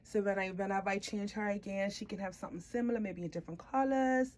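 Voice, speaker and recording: A woman's voice: medium pitch, steady tone, fast talker, darkish tone. A woman vlogging about her doll collection in casual chat to the camera, gushing and cooing baby talk at her doll.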